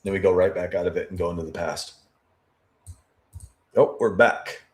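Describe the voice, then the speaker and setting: A man's voice: sits low, normal speed. A man giving analytical commentary on interview footage, thinking aloud, correcting himself and repeating key words.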